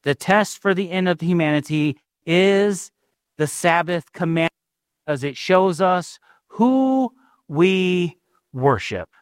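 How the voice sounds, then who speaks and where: A male pastor preaching a sermon, telling his own story and closing in prayer, slow and earnest with emphatic rises. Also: sits high, expressive, clean tone, no room sound, studio quality. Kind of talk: sermon with personal testimony and prayer.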